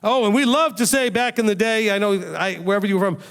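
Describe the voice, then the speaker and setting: High, gravelly-voiced male preacher. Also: quick pace, few pauses, fairly bright tone. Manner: emphatic, fires rhetorical questions at listeners. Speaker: rabbi teaching a congregation. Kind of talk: sermon.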